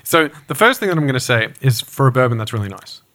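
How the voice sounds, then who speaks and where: A man's voice: medium pitch, sing-song, quick pace, bright, forceful tone. Swearing, laughing Australian man. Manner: laughs often, swears freely, rants. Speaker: podcast co-host. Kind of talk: casual tasting chat.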